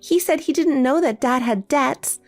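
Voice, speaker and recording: A woman's voice: high-pitched, unhurried. A synthetic woman's voice playing a desperate, pleading married older sister in a text story, with faint music behind. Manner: pleading, insistent.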